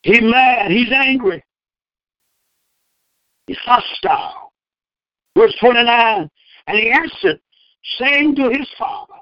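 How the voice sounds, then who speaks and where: Preacher guy, slow drawn-out sermon, acts out the bible characters, gets loud, kinda muffled dry recording. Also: very high-pitched, animated, no room sound. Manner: fervent preaching with sudden loud bursts; acts out the speakers in the verses.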